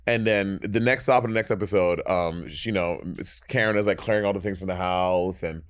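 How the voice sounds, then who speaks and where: A man's voice: low-pitched, clean tone, no echo, clean studio sound. A man co-hosting a podcast in casual chat, swearing freely and acting out scenes he retells. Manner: fast, swearing, acts out quoted lines. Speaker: podcast co-host.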